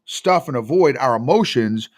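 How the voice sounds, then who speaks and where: A man's voice: medium pitch, moderate pace, no room sound, studio quality. A man who coaches emotional intelligence, telling stories emphatically in a podcast interview. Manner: emphatic, animated storytelling.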